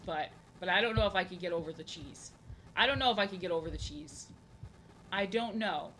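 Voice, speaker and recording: A bright-voiced young woman chatting loosely while she sketches on stream. She rambles and repeats herself and fills her pauses, talking into a desk mic. A faint hiss sits under her voice. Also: fairly low pitch, lively intonation, rough recording. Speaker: art streamer. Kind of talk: casual chat while drawing on stream.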